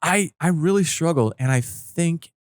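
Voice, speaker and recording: This is a male podcast host with a mid-range voice that moves a lot in pitch. He chats casually and keeps reacting, recorded dry and close. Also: animated, unhurried, clear, resonant tone, no echo. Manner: reactive, lots of short affirmations. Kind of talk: casual interview chat.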